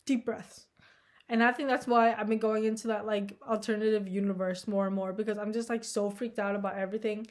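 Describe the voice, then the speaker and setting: A young adult woman vlogs in a casual, rambling monologue, anxious and self-deprecating, packed with "like" and frequent swearing. Her mid-range voice is flat and quick, with few pauses.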